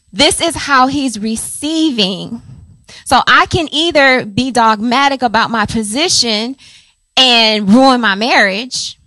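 Bright, chatty woman sharing a story. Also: a little high, dry recording. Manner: chatty, animated storytelling with fillers. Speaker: pastor's wife, co-speaker. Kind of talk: personal testimony in a sermon.

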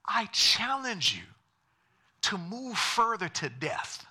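Man preaching a sermon, emphatic, call-and-response, lively swooping voice, forceful. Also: high-pitched, slow pace, husky. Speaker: pastor.

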